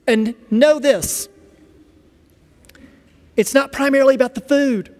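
A man preaching a sermon in a church, reading scripture and explaining it in an animated way. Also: extremely high pitch, a little slow. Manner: animated, acts out little dialogues. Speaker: pastor. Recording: long reverb of a large hall.

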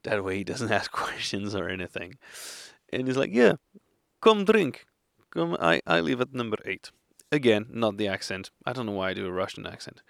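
Tipsy guy rambling about his hike, kinda gravelly low voice, dry sound. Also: a bit bright, no room sound. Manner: hesitant, rambling, laughs often. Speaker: solo hiker vlogger. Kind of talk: casual storytelling to camera. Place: campsite outdoors.

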